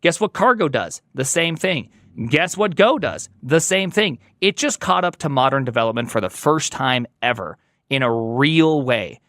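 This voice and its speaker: A man's voice: medium pitch, lively intonation, moderate pace, a bit bright, dry recording, clean studio sound. A man speaking as a guest in a casual podcast conversation, emphatic and opinionated, driving points home by repeating them. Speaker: podcast guest, software engineer.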